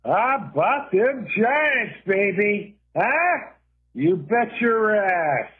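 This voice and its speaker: A man putting on the voice of a brash middle-aged sports-fan uncle, taunting loudly. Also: sits high, big pitch swings, very slow, slightly rough, narrow, tinny audio, full character voice. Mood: gloating. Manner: loud, gloating taunt.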